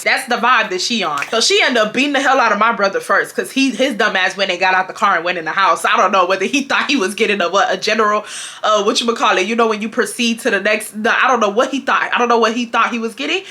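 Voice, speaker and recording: A woman, telling a casual storytime to her viewers in a chatty, animated way. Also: medium pitch, quick pace. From Houston, Texas. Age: 20s.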